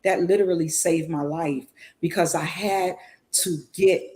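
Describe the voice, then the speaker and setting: A woman's voice: on the low side, fairly even intonation, measured pace, darkish tone. Earnest, emotional woman sharing openly. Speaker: co-host. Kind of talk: candid personal sharing on a podcast.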